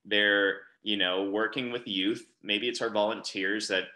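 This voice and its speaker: A man's voice: on the low side, fairly even intonation, a little slow, bright, forceful tone. A man co-hosting a casual chat, talking earnestly and urgently and repeating phrases for emphasis. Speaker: youth ministry podcast co-host. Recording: echoey room sound.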